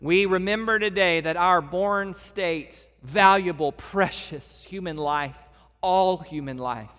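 A man delivers a sermon from the pulpit, his fairly high, bright and forceful voice rising to loud emphatic peaks and dropping to hushed, intimate passages. The sound hangs in the long reverb of a large church sanctuary. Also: slow pace. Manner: swings between loud emphatic preaching and soft hushed delivery. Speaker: pastor.

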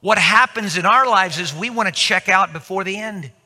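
A man's voice: sits high, moderate pace, sharp tone, big-room sound. A man preaching a sermon to a congregation, telling stories and acting out the voices of the people in them. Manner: storytelling, acting out quoted voices. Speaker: pastor.

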